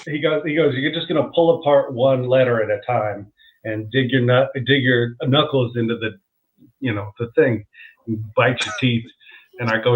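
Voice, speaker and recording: A man's voice: mid-range voice, fairly even intonation, normal speed. A man, a comedian guest, telling a story in casual chat, laughing as he goes and acting out what people said. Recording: tinny phone-like line.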